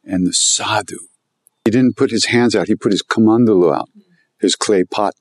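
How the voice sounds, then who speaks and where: A man with a lowish voice tells a winding story, circling back and repeating himself. He talks in an animated, conversational way. The sound is dry and close to the mic. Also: normal speed, no echo. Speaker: guest telling stories about his teacher.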